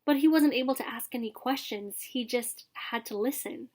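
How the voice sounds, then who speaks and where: A woman teacher reading a children's chapter book aloud for a lesson in a gentle, steady storytelling manner. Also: a little high, moderate pace.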